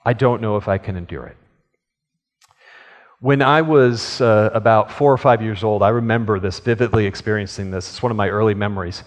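A man's voice: fairly low pitch, fairly quick. A man preaching a sermon, telling a childhood story in an earnest way and acting out pleading lines. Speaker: pastor. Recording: long hall reverb.

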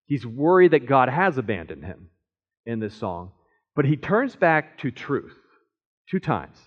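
Male Bible teacher, mid-pitched, earnest and emphatic, sermon delivery, dull lo-fi sound. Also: very animated, unhurried. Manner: earnest, emphatic, voices the psalmist's pleas in first person. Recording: muffled lo-fi recording.

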